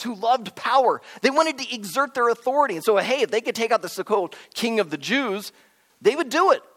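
A man preaching a sermon, retelling a story to the listeners as if they were there. He tells it dramatically and drops to a hush at the solemn moments. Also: high-pitched, long reverb tail.

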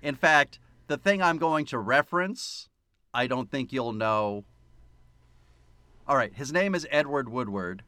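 A man's voice: medium pitch, expressive, unhurried, bright, forceful tone, clean tone, dry recording. A man co-hosting a casual movie podcast, teasing his co-host and dropping film trivia.

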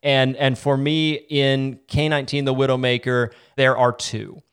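Animated male podcast host. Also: mid-range voice, moderate pace, clear, resonant tone. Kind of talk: casual podcast chat.

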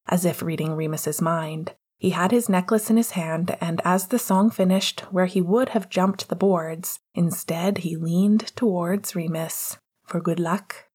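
A woman narrates an audiobook chapter in a steady, even storytelling manner. Her voice sits a little low and sounds husky and breathy.

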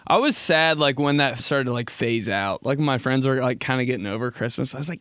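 Rambling young man, smooth voice. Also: lively intonation, fairly quick, fairly bright tone, no room sound, studio quality. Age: 20s. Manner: rambling, laughing, acts out quotes in high voices. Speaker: podcast host. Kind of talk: casual comedic chat.

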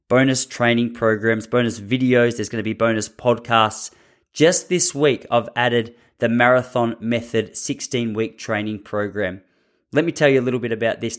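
A man hosts a running podcast in a mid-pitched voice. He talks in an upbeat, chatty way, slipping in jokes as he goes. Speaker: podcast host. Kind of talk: casual podcast chat.

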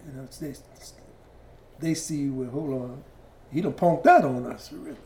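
A man's voice: medium pitch, a little slow, darkish tone, slight background noise. A male podcast host asking hesitant, searching questions. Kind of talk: interview questions. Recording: roomy echo.

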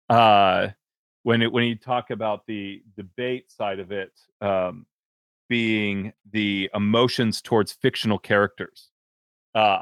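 A man's voice: medium pitch, fairly bright tone, no room sound, studio quality. A man hosting an interview, talking casually with lots of fillers and restarts. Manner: rambling, many fillers and restarts. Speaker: podcast host.

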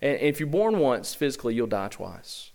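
A man's voice: mid-range voice, very animated, normal speed, creaky, darkish tone. A man preaching a sermon to his church as senior pastor, with a Southern American accent and an emphatic style built on rhetorical questions. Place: church sanctuary.

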